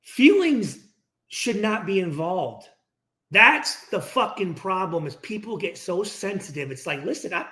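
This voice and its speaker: A middle-aged man with a high voice hosts a post-game reaction, ranting in an unhurried, casual, unscripted way. He's profane and animated, acting out the dialogue himself, and the recording carries a roomy echo.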